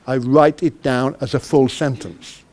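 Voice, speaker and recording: A man's voice: medium pitch, steady tone, a little slow, a little mellow. A man, a project manager, giving an interactive workshop talk who quizzes the audience and acts out little dialogues. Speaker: conference speaker, project manager.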